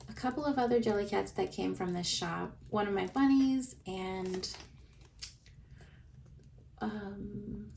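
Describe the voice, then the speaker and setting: A woman unboxing plush toys in a casual vlog, gushing with excitement and often laughing. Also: medium pitch, gravelly, a little hiss or hum. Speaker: plush toy reviewer. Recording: voice a bit far from the mic.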